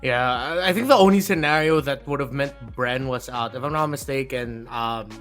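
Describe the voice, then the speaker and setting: A man's voice: medium pitch, moderate pace, fairly bright tone, soft background music. Analytical man breaking down matches. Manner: analytical, thinks aloud with many fillers. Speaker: esports caster. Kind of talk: casual panel analysis.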